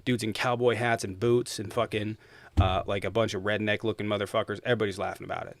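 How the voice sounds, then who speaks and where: A man's voice: lowish voice, flat delivery, fast, dry recording. A man hosting his own livestream, ranting bluntly and swearing freely in casual talk. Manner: blunt, profane, heated. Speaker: streamer host.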